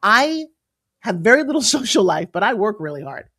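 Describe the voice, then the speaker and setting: A woman in her fifties telling her story as a guest, lively and confiding, acting out quotes and dropping into whispers. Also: medium pitch, brisk. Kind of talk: animated storytelling chat.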